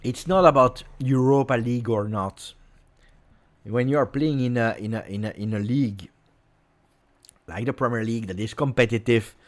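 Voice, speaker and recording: A man's voice: medium pitch, moderate pace, long pauses. A man hosting a live football watch-along, ranting in exasperation and repeating himself often. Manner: exasperated ranting with many repetitions. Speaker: football fan streamer.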